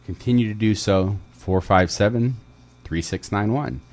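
A man's voice: fairly low pitch, a little slow, a little mellow. A man co-hosting a community radio show in casual chat, joking and reading out listings. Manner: jokey, laughs often, reads listings. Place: radio studio.

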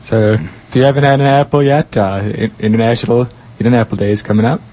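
A man's voice: mid-range voice, fairly even intonation, fast, mellow. A man with an ordinary mid-range voice co-hosting a casual community radio show. He sounds easygoing and supportive, often laughing along with his partner. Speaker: radio co-host.

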